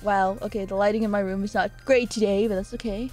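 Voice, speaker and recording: A woman's voice: medium pitch, a little fast, few pauses, faint music behind. A young woman chatting casually on a live stream from her own room, playful and giggly, rambling between greetings.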